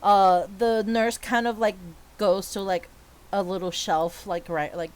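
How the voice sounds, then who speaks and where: A woman's voice: mid-range voice, unhurried. A woman narrating a tabletop game as game master, in a casual, filler-heavy way.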